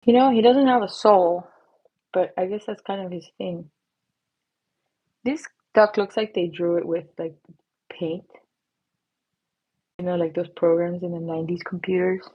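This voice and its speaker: A middle-aged woman livestreams from her painting desk, chatting playfully while she paints and slipping into silly voices and whispers. Her voice is on the low side and slightly rough, with a measured pace and frequent pauses, in lo-fi sound.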